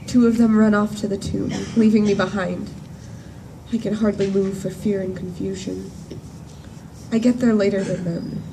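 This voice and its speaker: A woman in a church performing a monologue as a grief-stricken woman disciple at the empty tomb. She speaks earnestly and in measured phrases, with emphatic repetitions. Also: mid-range voice, background noise, close to an everyday voice. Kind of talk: dramatic first-person monologue. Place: church service at sunrise. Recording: distant voice with faint room ambience.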